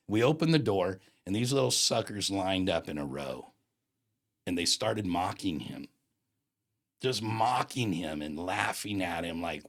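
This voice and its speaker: A man's voice: low voice, animated, measured pace. A man in his fifties telling a personal story in a casual, slangy, emphatic way, acting out the dialogue. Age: 50s.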